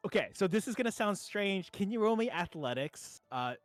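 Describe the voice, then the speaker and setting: A man's voice: high voice, big pitch swings, normal speed, no room sound, faint music behind. Rambling man running a tabletop game. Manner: rambling, with many fillers and restarts. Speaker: dungeon master.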